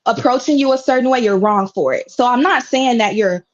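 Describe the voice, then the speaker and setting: A woman with a high voice speaks in a measured, careful way, asking questions and hedging her points. Her audio sounds dull and lo-fi, and dry with no room sound. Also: no echo. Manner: measured, asks questions, hedges with 'kinda'. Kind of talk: casual livestream discussion.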